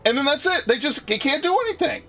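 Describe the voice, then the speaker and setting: A young man's voice, extremely high-pitched and quick, carries animated, profane stories as he streams a game and chats with a friend. Soft music plays in the background.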